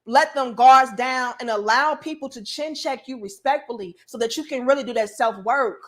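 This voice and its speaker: A high, bright-toned woman. She delivers a casual but preachy opinion monologue with plenty of emphasis. Her voice sits well above the usual range. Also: moderate pace. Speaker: commentary show host.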